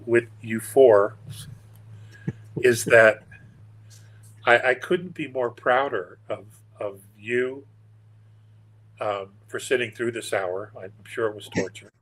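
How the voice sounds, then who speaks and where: An older man with a mid-range, slightly bright voice appears as a guest on an interview show, telling stories in a meandering, earnest, wry way. It's casual storytelling, and the recording quality is low.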